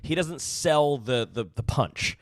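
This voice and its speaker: A man with a lively, swooping pitch rambles through his take on a show, restarting sentences and leaning on fillers. His voice is recorded close and dry. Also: slow pace, dry recording. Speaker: podcast co-host. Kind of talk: casual chat.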